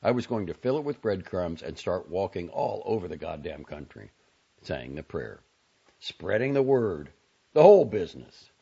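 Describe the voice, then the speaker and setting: A man's voice: low-pitched, sing-song, moderate pace, creaky, warm tone, breathy edge, heavily acted. A man voicing a glib, outspoken young man in an audiobook reading, wry and sardonic. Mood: earnest. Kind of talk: audiobook character voice. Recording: dull lo-fi audio.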